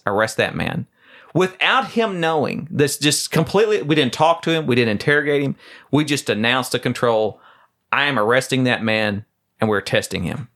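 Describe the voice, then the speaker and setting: A man co-hosting a podcast, telling a game story in casual chat and acting out the dialogue in a lower voice. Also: fairly bright tone. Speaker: podcast co-host.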